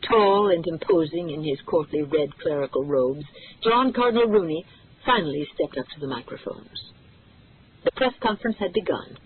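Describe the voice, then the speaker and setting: A narrator reading a thriller audiobook in a steady, dramatic storytelling manner. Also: female voice, low voice, normal speed, husky. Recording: tinny phone-like audio.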